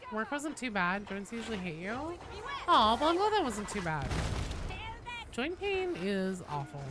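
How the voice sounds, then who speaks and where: A woman's voice: medium pitch, normal speed, noisy background. A woman streaming a game, chatting casually with viewers, joking and swearing in sudden outbursts. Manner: excitable, swears a lot, jokey. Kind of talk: casual gameplay chat.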